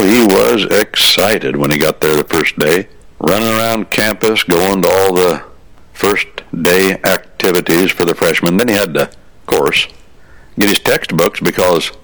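A man's voice: deep voice, fairly bright tone, poor audio. A man delivering a folksy, opinionated storytelling monologue on the radio, spinning homespun anecdotes.

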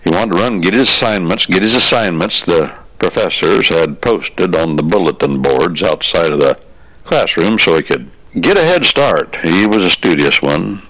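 A man's voice: low-pitched, expressive, normal speed, fairly bright tone, poor audio. A man delivering a folksy, opinionated storytelling monologue on the radio, spinning homespun anecdotes.

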